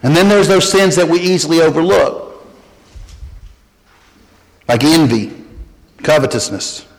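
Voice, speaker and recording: Man, pastor, sermon, earnest, low quiet emphasis, higher quoting voice, long hall reverb. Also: lively intonation, a little slow. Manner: earnest preaching, drops low and quiet for emphasis, rises high when quoting.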